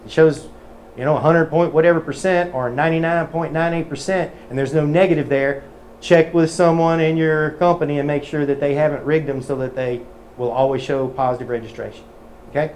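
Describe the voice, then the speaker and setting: Male trainer, casual and folksy, slightly high pitch, faint background hiss. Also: steady tone, brisk, darkish tone. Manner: casual, folksy, many fillers. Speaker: metering trainer. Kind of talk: webinar teaching and joke-telling.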